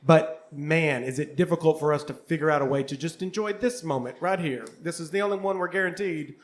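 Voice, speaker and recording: A middle-aged man with a fairly high voice talking candidly in a casual panel chat. He fills his speech with everyday asides. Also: a little fast. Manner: candid, conversational, uses many fillers. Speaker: co-host, history teacher and bassist. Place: coffeehouse before a live audience.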